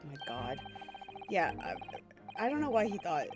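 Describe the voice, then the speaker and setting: A woman's voice: fairly low pitch, sing-song, unhurried. Giggly, flustered woman streamer. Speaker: streamer playing a game. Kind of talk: casual live-stream commentary. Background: game music.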